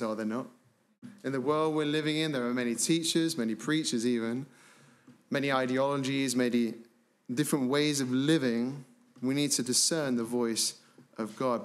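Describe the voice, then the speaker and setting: A man preaching a sermon as pastor, emphatic, slowing down and dropping low and quiet on key words. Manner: slows down to stress phrases.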